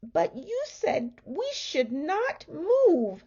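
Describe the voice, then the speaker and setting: A woman voicing a fussy, doting middle-aged wife who panics easily, in a high, excitable voice. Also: drawn-out words, lo-fi sound, exaggerated voice. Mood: panicky.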